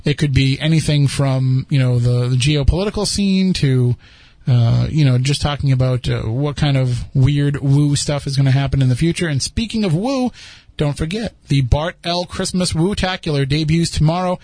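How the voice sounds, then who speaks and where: A man's voice: fairly high pitch, moderate pace, few pauses, a little mellow, dry recording. A man hosting a talk show in casual chat, rambling with many fillers and chuckles. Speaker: podcast host.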